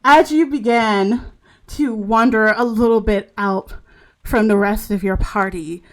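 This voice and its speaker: A woman narrating a tabletop game as game master, halting and full of fillers as she describes scenes. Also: medium pitch. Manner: slow, halting narration with many fillers and restarts.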